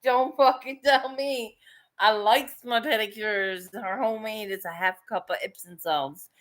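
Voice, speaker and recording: A woman in middle age talks casually as she paints, at a slow, unhurried pace. She swears freely and breaks into laughter often. Her voice sits at an ordinary pitch for a woman. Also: a bit bright. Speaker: painting vlogger. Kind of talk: casual chat while painting.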